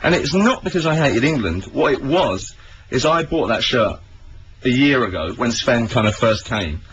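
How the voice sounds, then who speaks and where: Lively storytelling man on radio. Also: mid-range voice, normal speed, muffled recording. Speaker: radio guest. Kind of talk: casual radio chat. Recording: radio broadcast with faint hiss.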